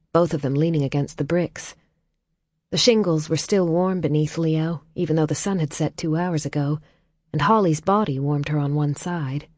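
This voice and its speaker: A woman reading a novel aloud as audiobook narrator in a calm, measured way, dropping soft in tender passages. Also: deep voice, no room sound, clean studio sound. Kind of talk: scripted narration.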